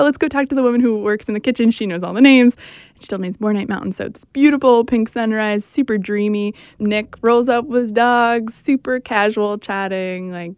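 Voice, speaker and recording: A woman's voice: medium pitch, darkish tone, clean tone, no room sound, studio quality. A young woman radio reporter chatting casually and enthusiastically, with lots of "like"s.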